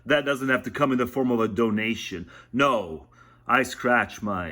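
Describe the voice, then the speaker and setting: A man's voice: lowish voice, measured pace, a bit bright. A man giving casual reaction commentary on a radio clip, sarcastic and laughing often.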